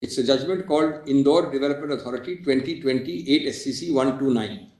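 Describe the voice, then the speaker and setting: A man with an Indian English accent, a senior advocate making a formal, emphatic legal argument in court, often pausing on "well, as". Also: mid-range voice, a little mellow. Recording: echoey courtroom audio.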